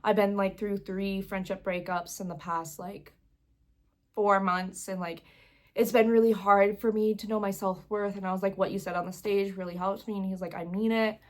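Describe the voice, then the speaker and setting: A woman's voice: mid-range voice, fairly even intonation, normal speed. Gushing young woman vlogger. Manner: gushing, rambling with many "like"s. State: close to tears at times. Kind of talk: casual vlog storytelling.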